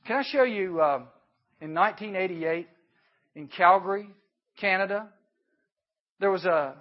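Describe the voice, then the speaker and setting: Man, high voice, youth camp sermon, emphatic, dull lo-fi recording. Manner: emphatic, swings from hushed to loud. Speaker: camp speaker.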